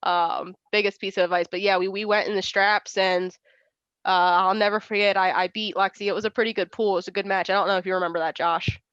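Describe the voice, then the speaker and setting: A woman's voice: mid-range voice, fairly even intonation, fast, a bit bright, no room sound, highs cut off. A young woman in her twenties, an arm wrestler, chatting casually in an interview, laughing often and acting out quoted voices.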